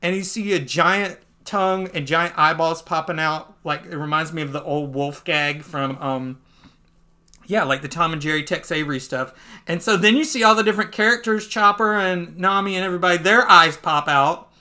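A man hosting a podcast, recapping a comic in casual chat. He talks in a loose, chatty way, laughs easily and jumps into squeaky voices when he acts out scenes. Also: moderate pace. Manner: animated, jumps into high squeaky voices when acting out lines. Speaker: podcast host.

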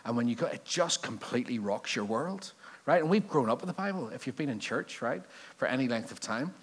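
A man's voice: mid-range voice, expressive, brisk, breathy edge. A man from Belfast with a Northern Irish accent, preaching a sermon as pastor in a chatty, joking way, full of rambling asides.

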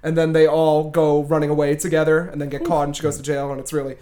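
A man hosting a casual pop culture podcast, chatty and self-mocking, running through TV news with quick asides. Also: on the high side, flat delivery, dark tone. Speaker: podcast host.

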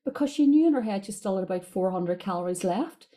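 A woman's voice: mid-range voice, lively intonation, quick pace, hardly any pauses, dark tone. A middle-aged Irish woman, a diet coach hosting a podcast, chatting casually as she retells conversations with her clients. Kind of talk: casual storytelling monologue.

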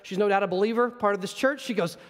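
Preacher guy, really high voice, lively storytelling sermon, echoey hall. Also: quick pace. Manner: animated, storytelling, acts out scenes. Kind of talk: sermon teaching from scripture.

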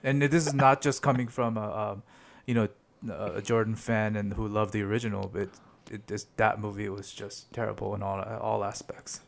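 A man co-hosting a casual film podcast, halting and restarting often as he gives his opinions. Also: lowish voice, steady tone, gravelly. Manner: halting, many restarts and fillers. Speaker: podcast co-host. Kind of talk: casual film review chat.

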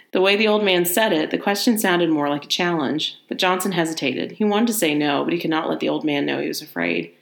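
A woman reading a horror story aloud in steady narration, now and then adding a casual aside of her own. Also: deep voice, a little fast, creaky, few pauses, reverberant.

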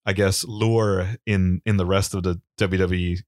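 A man's voice: low voice, flat delivery, darkish tone, no echo, clean studio sound. A man co-hosting a casual podcast, chatting loosely and recapping a wrestling match. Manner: easygoing, rambling with fillers, quick laughs. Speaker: podcast co-host.

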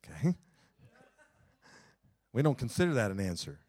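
A man preaching a sermon in church, folksy, climbing loud and then slowing down low to read scripture. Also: sing-song, slightly rough, dry recording. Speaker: pastor.

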